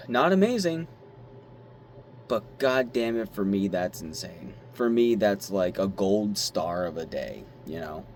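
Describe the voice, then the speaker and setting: A man's voice: on the low side, slow pace, slight background noise. Rambling young man telling a story. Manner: rambling and animated, swearing, squeals when reenacting his excitement. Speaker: vlogger. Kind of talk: casual talk to camera.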